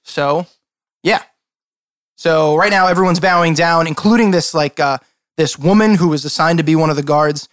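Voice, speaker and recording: A man's voice: a little high, fairly bright tone, smooth, no echo, clean studio sound. A man narrating a tabletop game as game master in a casual, rambling way. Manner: casual, rambling, quick to laugh.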